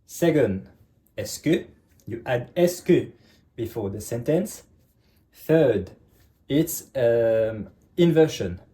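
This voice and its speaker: A man's voice: mid-range voice, expressive, slow pace, long pauses, dark tone. A man teaching a French lesson in English, explaining step by step and checking in with "okay?" all the time. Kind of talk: online language lesson.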